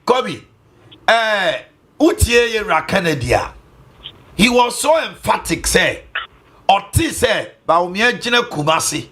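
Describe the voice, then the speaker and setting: A man with a Ghanaian accent hosts a political talk show with emphatic, animated questioning. His voice sits high and swings widely in pitch, and his tone is bright. He talks in a mix of English and Twi. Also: unhurried, pauses often.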